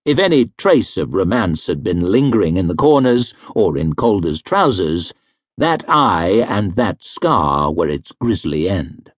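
Unhurried, husky male fantasy narrator. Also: sits low, sing-song, no echo. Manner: measured, wry storytelling. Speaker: audiobook narrator. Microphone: close studio mic.

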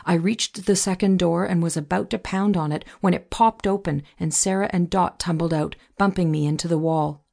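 A woman reading a novel aloud in measured, scripted first-person narration. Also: lowish voice, steady tone, creaky, a little mellow. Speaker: audiobook narrator.

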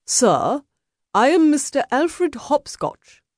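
A woman voicing a pompous, testy gentleman emissary who speaks haughtily and sounds out of breath. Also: mid-range voice, moderate pace, dry recording, clean studio sound, voice pushed up, lightly acted. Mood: huffy, haughty.

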